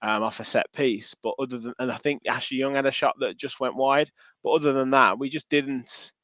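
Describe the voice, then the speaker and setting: This football podcast co-host has a mid-range voice and a brisk delivery, recorded with no room sound. Chatting casually, he's animated, keeps restarting phrases, and reads viewer comments aloud.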